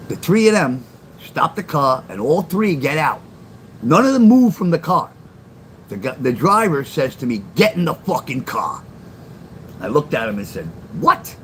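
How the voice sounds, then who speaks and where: Guy in later years, storyteller on a phone stream, lively swooping pitch, noisy line. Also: moderate pace. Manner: blunt and profane, acts out quoted lines loudly. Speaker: live-stream storyteller reading his memoir. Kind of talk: casual storytelling.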